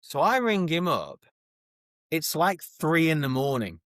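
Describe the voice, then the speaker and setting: A man co-hosting a podcast, telling animated, overexcited stories in casual chat. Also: on the high side, a little slow, dry recording, studio quality. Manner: animated storyteller, gets overexcited. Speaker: podcast co-host.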